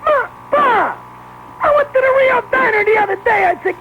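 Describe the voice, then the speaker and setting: High wailing comic male caller. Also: lively intonation, moderate pace, very noisy. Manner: comic ethnic put-on voice, wailing. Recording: muffled phone-in call on old radio.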